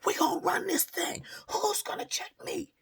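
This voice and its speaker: Lady doing a furious screaming woman, high and shrill, gravelly edge, yelling threats. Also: normal speed, whispered.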